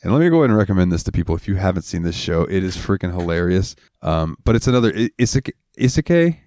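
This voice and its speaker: Speaking very fast in a low voice, a podcast co-host tells stories through casual, profane chat. He's an animated storyteller who acts out the people's voices, captured in a dry, studio-quality recording.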